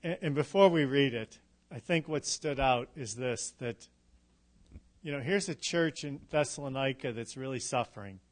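A middle-aged man preaching a sermon, emphatic and unhurried, with dramatic pauses and touches of humor. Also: medium pitch. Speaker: pastor.

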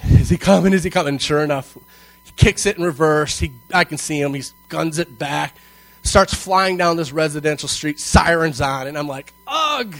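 A male pastor preaching a sermon to a congregation in church, telling a personal story and acting out its dialogue with animated delivery. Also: a little high, dry recording, rough recording. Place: church service before a congregation.

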